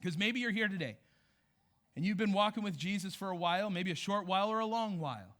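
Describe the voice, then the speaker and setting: A man's voice: high-pitched, lively intonation, fairly quick, a bit bright. A young adult man preaching a sermon in a church, retelling scripture as casual, conversational dialogue. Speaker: pastor.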